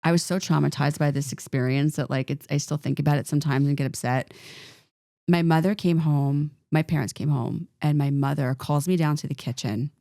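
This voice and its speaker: A woman co-hosting a podcast, telling a personal story in an animated, rambling way with lots of filler words. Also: sits low, a little fast, no echo, clean studio sound. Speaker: podcast co-host. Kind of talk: casual storytelling chat.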